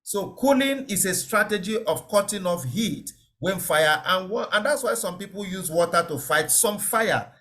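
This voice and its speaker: Brief: male safety trainer on a web call, fairly high voice with an animated, up-and-down delivery, repeats key points. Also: moderate pace, few pauses. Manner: explanatory, repeats key words, checks understanding. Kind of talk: online lecture.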